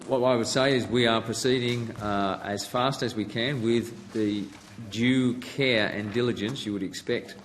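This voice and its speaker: A man testifying before a parliamentary committee, answering in a measured, hesitant way with frequent restarts. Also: medium pitch, fairly even intonation, a little hiss or hum. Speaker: company executive answering senators. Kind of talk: formal hearing testimony.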